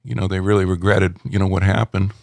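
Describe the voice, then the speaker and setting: A middle-aged man, a rock critic, telling anecdotes in a relaxed interview at home, rambling with many fillers. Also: low-pitched, quick pace, vocal fry, no room sound, clean studio sound.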